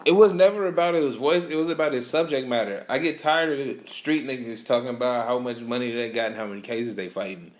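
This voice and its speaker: A man's voice: mid-range voice, a little fast, few pauses. A young man hosting a podcast, chatting casually in a laid-back, slangy way and laughing often. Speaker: podcast host. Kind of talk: casual chat.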